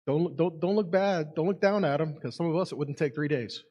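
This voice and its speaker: A man giving a lively Bible teaching to a congregation, asking rhetorical questions and reading scripture aloud. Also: on the high side, a little fast. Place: congregation meeting room.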